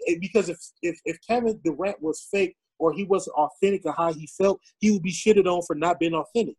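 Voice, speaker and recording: A man's voice: sits high, brisk, a little mellow, slightly rough, low-quality recording. A man in casual podcast chat, talking loosely with frequent swearing and restarts.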